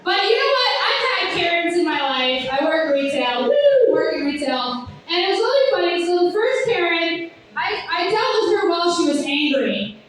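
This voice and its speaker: A young woman doing a stand-up comedy set with a sardonic, rambling delivery, breaking into sung and shouted bits. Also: very high-pitched, big pitch swings, normal speed. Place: comedy club stage. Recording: echoey club from far off.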